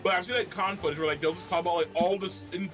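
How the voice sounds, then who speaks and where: A man's voice: sits high, steady tone, racing, over music. A man joking crudely and giggling in a casual live-stream chat, talking while chewing.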